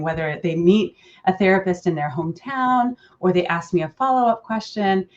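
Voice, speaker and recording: A woman's voice: fairly low pitch, normal speed, hardly any pauses. A middle-aged woman, a relationship therapist, talking earnestly as a podcast guest with light laughs now and then. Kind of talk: podcast interview. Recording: dull lo-fi sound.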